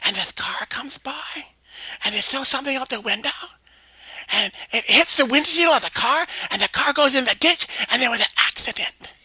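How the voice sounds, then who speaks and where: A woman doing a breathy eight-year-old girl. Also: high voice, moderate pace, pushed and bright, dry recording, exaggerated voice. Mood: childish chatter. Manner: rambling childlike storytelling with stammered restarts. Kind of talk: comedic one-woman voice sketch.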